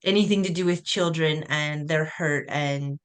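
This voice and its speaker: A woman's voice: low voice, measured pace, clear, resonant tone. A young woman and new mother, a former athlete, talking candidly and casually as a guest in a video-call webinar. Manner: candid, chatty, self-deprecating.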